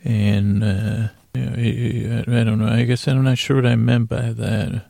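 A man's voice: on the low side, level tone, normal speed, creaky, hardly any pauses, dark tone, no echo. A man hosting a podcast, loosely recapping a TV episode from his handwritten notes, often correcting himself. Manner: loose, meandering, self-correcting. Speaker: podcast host.

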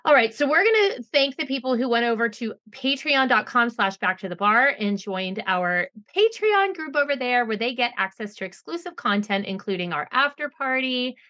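A middle-aged woman co-hosting a podcast, chatting casually and reading out thanks, emphatic and quick to react with blunt humor. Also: a little high, bright, forceful tone. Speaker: podcast co-host. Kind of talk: casual chat and show reading.

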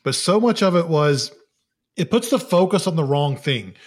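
Chatty man in his thirties, higher voice. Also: expressive, normal speed. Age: 30s. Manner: joking, conversational. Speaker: podcast co-host. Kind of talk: casual faith podcast chat.

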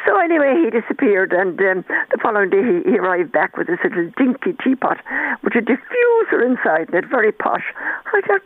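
A woman's voice: mid-range voice, wildly swooping pitch, fairly quick, no room sound. Older woman author, rambling anecdotal manner, dry close phone-line sound. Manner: chatty, rambling, warm storyteller with frequent restarts. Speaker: author guest. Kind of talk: storytelling in a radio interview.

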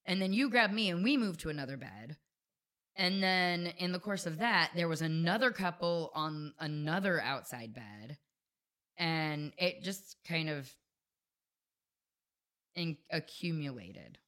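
A woman's voice: low voice, lively intonation, unhurried, fairly bright tone. A woman co-hosting a podcast, talking frankly and casually and laughing easily. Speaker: podcast co-host. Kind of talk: candid casual chat.

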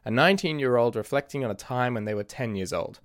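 A man's voice: medium pitch, lively intonation, fast, no room sound. Theatrical man spinning a mock-epic tale. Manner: theatrical, mock-archaic, dry asides. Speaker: podcast host and storyteller. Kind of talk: comic first-person adventure narration.

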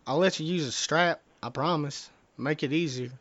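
A man's voice: on the high side, normal speed, a bit bright. A man with a Southern US accent making a prank phone call, rambling, bumbling and cursing as he talks. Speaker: prank caller.

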